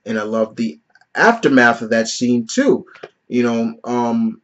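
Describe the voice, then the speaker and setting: A man in his thirties talks through a film in a casual vlog review, sincere and emotional. He rambles a little, leaning on "you know" and "like". His medium-pitched voice comes through a somewhat muffled, lo-fi recording. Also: lively intonation, a little slow, a bit bright. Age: 30s. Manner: earnest and openly emotional, peppered with "you know" and "like". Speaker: movie reviewer.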